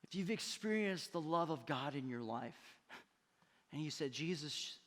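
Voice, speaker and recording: A man's voice: on the high side, lively intonation, a little slow, a bit bright, big-room sound. A male pastor preaching a sermon with emphatic delivery, tossing questions to the congregation. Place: church sanctuary.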